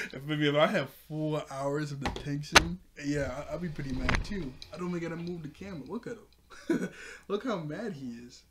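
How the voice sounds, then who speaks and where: A man hosting a casual episode recap, excitable and quick to laugh as he retells scenes. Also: a little high, a little hiss or hum. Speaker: show reviewer.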